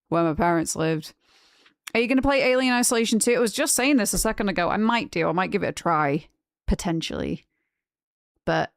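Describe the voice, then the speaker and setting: A young woman streaming games, chatting casually with her viewers, frank and quick to laugh. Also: mid-range voice, smooth, dry recording, studio quality. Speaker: game streamer. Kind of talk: casual chat with live chat.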